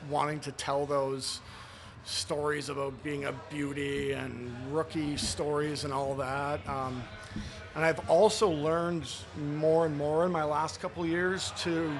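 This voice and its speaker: A man's voice: fairly high pitch, unhurried, noisy background. A man from Canada, a former hockey player, telling personal stories in an earnest, heartfelt way in a studio inside a sports bar. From Toronto, Canada. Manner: earnest, heartfelt storytelling with fillers. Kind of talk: casual interview chat.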